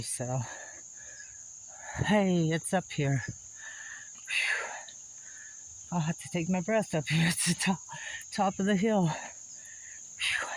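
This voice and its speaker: A man's voice: a little high, low-quality recording. Breathless man hiking uphill. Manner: chatty, laughing, folksy rural speech. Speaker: vlogger exploring old sites. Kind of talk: casual on-camera narration while hiking. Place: wooded hillside outdoors. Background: insects and crickets.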